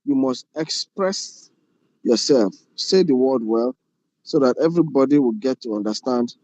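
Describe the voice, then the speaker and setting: A man's voice: mid-range voice, lively intonation, a little slow, dark tone, no room sound, rough recording. A man lecturing a film class on directing, often repeating phrases and asking rhetorical questions.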